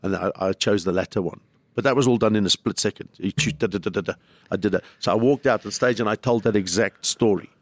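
A middle-aged comedian with a South African accent telling stories in a rambling, animated way and acting out the voices of the people he quotes. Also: lowish voice, quick pace, few pauses, no echo. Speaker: comedian, guest. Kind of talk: casual storytelling.

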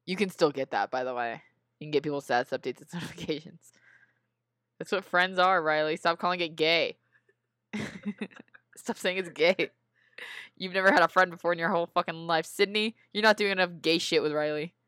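Co-host: low-ish woman, sardonic and sweary, dry close mic. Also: fairly bright tone, dry recording. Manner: sardonic, swears, quick asides. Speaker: podcast co-host, author of the fanfic. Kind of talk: comedic banter.

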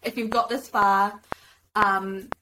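A woman's voice: medium pitch, fairly even intonation, takes it slowly, noisy background. A young woman chatting as a guest on a casual podcast, bubbly and playful. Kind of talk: casual chat.

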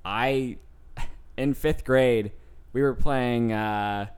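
A man's voice: mid-range voice, extremely slow, a little mellow, clean tone. A young man co-hosting a casual podcast, rambling through a school story and laughing along the way. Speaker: podcast co-host. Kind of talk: casual chat.

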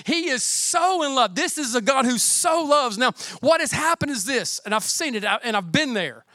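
High-voiced man preaching a lively sermon. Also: moderate pace, dry recording, clean studio sound. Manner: lively preaching, calls to the congregation, restarts and emphatic repetition. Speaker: pastor.

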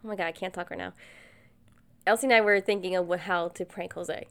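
Animated young woman telling a story. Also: fast, clear, resonant tone. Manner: animated storyteller, jumps to high acted voices. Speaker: co-host. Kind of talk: casual chat.

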